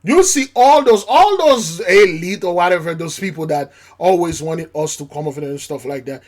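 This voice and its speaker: A man's voice: sits high, animated, normal speed, few pauses. A man preaching passionately, reading scripture aloud with frequent restarts. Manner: impassioned, reads scripture in archaic phrasing, frequent restarts.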